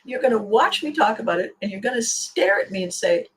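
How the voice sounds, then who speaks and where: A woman's voice: medium pitch, a little fast, low-quality recording. A woman hosting her own show, giving a motivational monologue and acting out the voices of people she quotes, with a chuckle here and there. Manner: animated storyteller who acts out quoted voices. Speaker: podcast host and life coach.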